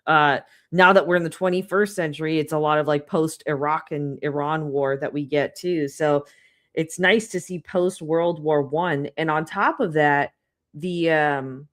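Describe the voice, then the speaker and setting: A woman panelist giving laid-back, candid commentary on a casual livestream. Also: low-pitched.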